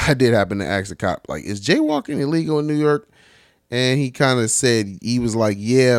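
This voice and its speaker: A young man from California casually telling a story, animated and laughing, heavy on slang and swearing. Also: medium pitch, no room sound, studio quality. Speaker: vlogger.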